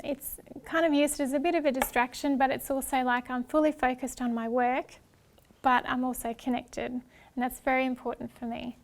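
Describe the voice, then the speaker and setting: High-voiced woman giving a gentle talk. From Australia. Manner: gentle and hesitant, many ums and restarts. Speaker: presenter. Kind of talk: relaxed presentation talk.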